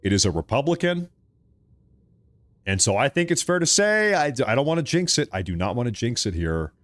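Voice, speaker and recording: A man's voice: mid-range voice, fairly quick, no echo. A man from Oregon hosting a live political stream, reading viewer chat and joking between rants. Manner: joking, animated rants, laughs often. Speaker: political livestream host.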